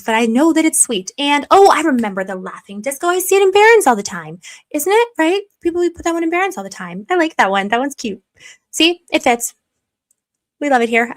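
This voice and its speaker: A woman hosting a casual livestream from home, gushing over viewers' comments and rambling through stories. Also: a little high. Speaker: livestream host reading chat.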